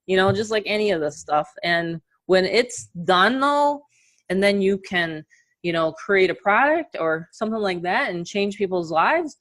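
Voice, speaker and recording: A middle-aged woman with a New York accent, giving an energetic, upbeat webinar as an online marketing coach over a video call. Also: mid-range voice. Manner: energetic and upbeat, talks in quick bursts. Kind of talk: live webinar presentation.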